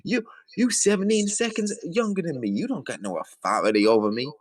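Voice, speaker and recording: A whiny, defensive woman with a high, stammering, mock-sweet voice, as a man mocks her. She sounds petulant and pitched far above a normal male register. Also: a little fast, dry recording, studio quality, natural voice.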